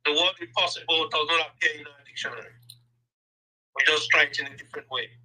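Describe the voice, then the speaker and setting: Man business mentor, upbeat and emphatic, sharp bright high voice. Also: fairly even intonation, quick pace, poor audio. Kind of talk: motivational sharing.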